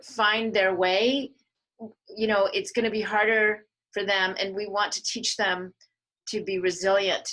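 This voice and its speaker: A woman's voice: lowish voice, poor audio. Earnest middle-aged woman, interview guest. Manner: earnest, animated when quoting others. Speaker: interview guest, filmmaker and mother. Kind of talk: conversational interview.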